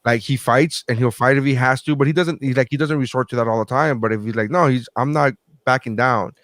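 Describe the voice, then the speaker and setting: A man in casual podcast chat, swearing freely as he tells stories with animated energy. His voice sits at a middle pitch. The recording is dry and close, with little room sound. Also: quick pace, dry recording. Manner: loose, profane and animated storytelling. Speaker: podcast co-host.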